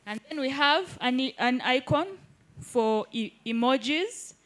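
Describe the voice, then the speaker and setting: A woman's voice: high voice, lively intonation, slow pace, a bit bright. A woman teaching a live hands-on workshop in an indoor training room, keeps checking that the group follows. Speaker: digital skills trainer.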